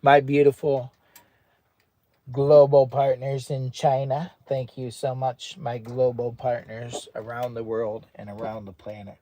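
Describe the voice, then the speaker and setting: This camping vlogger, an American man, speaks in a medium-pitched, level, mellow voice at a measured pace. Livestreaming from inside a hot tent, he chats casually and often talks baby talk to his dog.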